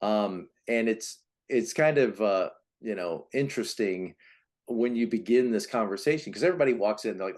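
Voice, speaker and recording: A man being interviewed as a personality coach, explaining in a conversational way, often restarting and now and then acting out quoted voices. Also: normal speed. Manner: animated, acts out voices of types with big pitch jumps; many restarts and repeated words. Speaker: Enneagram coach, guest.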